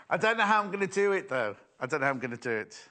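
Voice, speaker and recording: A man's voice: a little high, bright, forceful tone. A middle-aged man presenting live sales on TV, chatty and teasing as he banters with his crew. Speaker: shopping channel presenter.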